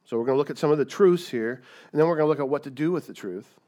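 A man's voice: on the high side, racing, warm tone. A man preaching a sermon, emphatic, asking rhetorical questions and repeating key words. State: coughing, dry throat. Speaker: pastor.

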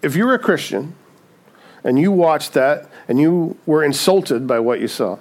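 A man's voice: fairly high pitch, expressive, normal speed. A man preaching a sermon in a conversational way, often asking "right?" and acting out quoted voices. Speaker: pastor.

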